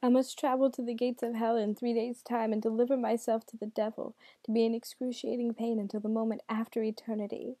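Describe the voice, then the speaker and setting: Scared little boy, as a woman reads him, anxious and pleading, mellow and dry. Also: mid-range voice, fast talker, vocal fry, few pauses, no room sound. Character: frightened, brave young boy.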